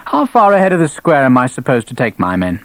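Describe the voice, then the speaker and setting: A man voicing a stubborn male rifle officer who speaks flatly and defiantly. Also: on the high side, normal speed, dry recording, close to an everyday voice, poor audio. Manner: flat, defiant.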